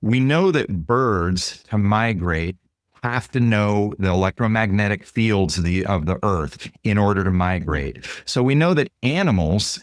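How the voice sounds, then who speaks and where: Low-voiced man telling lively stories. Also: no room sound, clean studio sound. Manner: animated, acts out dialogue in quoted voices. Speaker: guest author and consultant. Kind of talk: storytelling interview answers.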